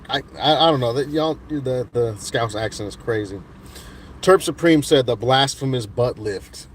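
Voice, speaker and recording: Here a thirty-something American livestreamer casually reads viewer comments aloud, rambling easily and frequently starting over. He talks at a moderate pace in a medium-pitched voice, with a little hiss or hum in the recording.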